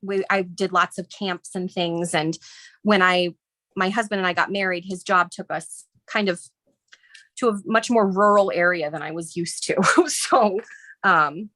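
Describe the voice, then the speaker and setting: A woman's voice: fairly low pitch, steady tone, unhurried, sharp tone, no echo. A woman from near St. Louis, a guest designer who explains a stencil project in a friendly, chatty way and laughs often. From Southern Illinois, near St. Louis. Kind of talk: casual craft demonstration.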